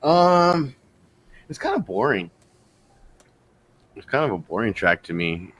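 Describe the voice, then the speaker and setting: A man's voice: mid-range voice, sing-song, a little slow, a bit bright. Blunt laid-back male co-host. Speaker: podcast co-host. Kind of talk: casual chat.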